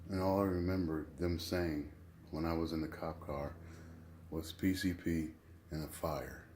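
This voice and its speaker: A man's voice: very deep voice, steady tone, unhurried, darkish tone, slight background noise, rough recording. A man talking candidly and at length in a casual vlog, rambling and confessional.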